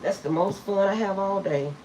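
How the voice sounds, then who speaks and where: A woman's voice: mid-range voice, normal speed, mellow, a little hiss or hum, low-quality recording. A middle-aged woman reading tarot, telling rambling stories to her viewers and laughing often. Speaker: tarot reader. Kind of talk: casual storytelling to viewers.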